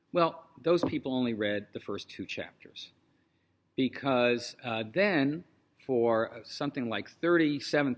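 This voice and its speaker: A man talking informally as a rabbi. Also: mid-range voice. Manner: conversational, animated retelling with many fillers. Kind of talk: informal teaching talk.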